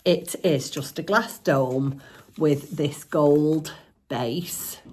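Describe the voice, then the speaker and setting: An older woman with a notably low voice chats through her shopping haul at home, giggling and teasing as she goes. She talks in a relaxed, homely way, like a grandmother showing a friend her finds. A faint hiss sits behind her voice. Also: very slow. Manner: chatty, giggly, fond of teasing. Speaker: crafting vlogger.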